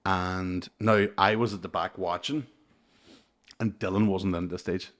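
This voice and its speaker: Male comic host, low voice, loose sweary storyteller. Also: unhurried. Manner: swears freely, animated anecdotes. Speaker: comedian podcast host. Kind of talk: casual storytelling chat.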